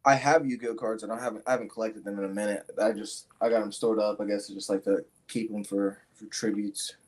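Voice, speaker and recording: A man's voice: lowish voice, steady tone, quick pace, darkish tone. A young man, a fighter being interviewed, telling a story casually with lots of fillers and restarts. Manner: rambling, many fillers and restarts.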